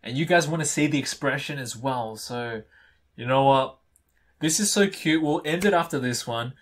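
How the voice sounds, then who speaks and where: A man's voice: mid-range voice, moderate pace. A young man reading fan fiction aloud on camera, gushing and playfully reacting between passages. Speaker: YouTuber.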